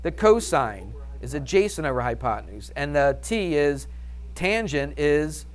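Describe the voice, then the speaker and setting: A man's voice: a little high, animated, unhurried. A man teaching a math class, upbeat and chatty, firing questions at the students and answering them himself. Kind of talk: classroom lesson.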